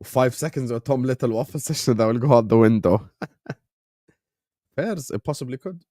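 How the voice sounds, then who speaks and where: With a warm, mid-range voice at normal speed, a man hosts a laid-back live-stream watchalong in a Jordanian Arabic accent, moving between English and Arabic. He's mildly ill and on cough syrup while he teases viewers and reads chat names aloud, in clean, echo-free studio audio.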